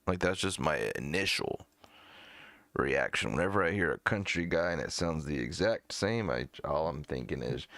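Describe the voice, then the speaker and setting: Profane, gravelly-voiced music-review streamer. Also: male voice, extremely low pitch, animated, moderate pace, fairly bright tone, no echo. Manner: blunt, profane, mocking asides. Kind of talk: casual live-stream chat.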